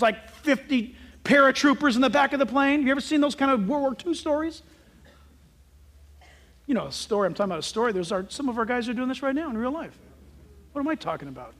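A male pastor preaching a sermon in an animated way, asking rhetorical questions and breaking into sudden shouts. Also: extremely high pitch.

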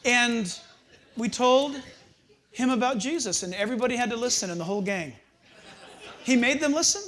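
An older man delivers a sermon in a high voice. He tells stories in an animated way and adds chuckling asides. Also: normal speed, slight background noise. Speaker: pastor.

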